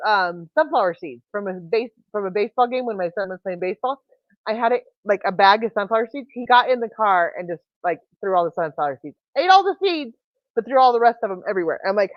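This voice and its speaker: A woman chats casually as host of a livestream, her voice pitched a little high. She rambles, trails off and restarts her sentences often. The call audio is dry and dull, with a lo-fi tone. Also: big pitch swings, fast talker, no room sound. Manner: rambling, many restarts and fillers. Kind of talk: casual chat.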